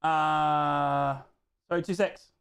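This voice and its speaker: A man's voice: on the high side, level tone, drawn-out words, a bit bright, clean tone. An Australian man hosting a live football watchalong, chatting casually and reading out fan comments. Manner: chatty, jokey, repeats himself, says "mate".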